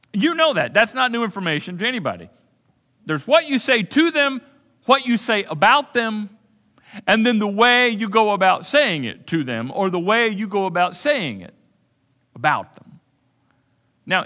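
A man's voice: on the high side, bright, forceful tone. Emphatic male pastor in a reverberant hall. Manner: conversational, repetitive, emphatic preaching with quoted asides. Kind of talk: sermon.

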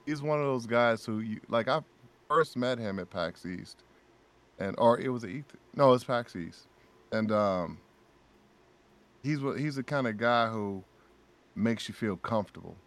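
A man of middle pitch chats as a podcast guest. He tells stories with animated energy, laughs often and keeps circling back to repeat his phrases. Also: measured pace, pauses often. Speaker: guest voice actor. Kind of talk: casual podcast chat.

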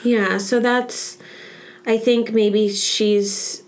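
Mid-pitched woman, a parent guest, earnest and plainspoken. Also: fairly even intonation, drawn-out words. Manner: earnest, says "like" often. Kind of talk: casual personal storytelling.

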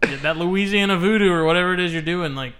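A man's voice: high voice, fast talker. A man co-hosting a casual podcast, wisecracking and teasing the others. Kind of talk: casual chat. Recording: loud background noise.

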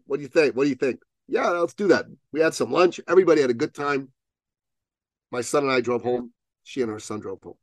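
A man guesting on a podcast, telling a story with lots of animation and slipping into the voices of the people in it. His voice sits at a middle pitch, and the sound is dry and close with no room in it. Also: a little mellow, dry recording. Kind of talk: storytelling in an interview.

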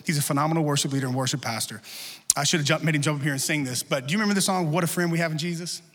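A male pastor giving a lively, conversational sermon full of humor in a church. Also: fairly high pitch, racing, in a large hall. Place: church sanctuary.

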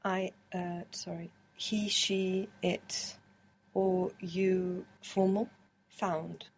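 A woman's voice: fairly low pitch, little pitch movement, extremely slow, a little mellow, breathy edge. A woman student answering questions in a language lesson with short, hesitant replies.

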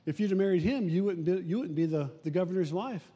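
A man's voice: sits high, fast, mellow, husky, big-room sound. A man voicing a smug, snobbish male governor in a told story.

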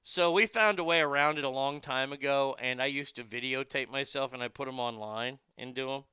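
A man in his fifties hosting a show, chatting casually and bluntly, telling animated stories and acting out callers' voices. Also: medium pitch, brisk, smooth, no room sound, clean studio sound. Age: 50s. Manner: blunt and profane. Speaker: show host. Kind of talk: casual chat reading viewer comments.

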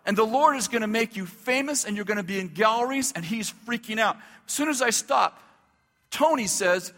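A male pastor telling a story in a sermon, animated, acting out the dialogue and laughing as he goes. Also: high-pitched, brisk, long reverb tail.

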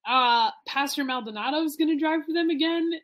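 A young woman co-hosting a podcast, chatting casually and relaxed, with frequent hesitations. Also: sits high, fairly quick. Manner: relaxed, hesitant, lots of ums. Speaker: podcast co-host. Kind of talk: casual chat.

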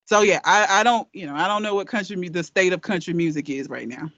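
High-voiced Alabama man, Southern drawl, blunt and laughing, dry lo-fi podcast sound. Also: quick pace, bright, forceful tone, no room sound. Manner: blunt, emphatic, laughs often. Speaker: podcast co-host. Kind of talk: casual chat.

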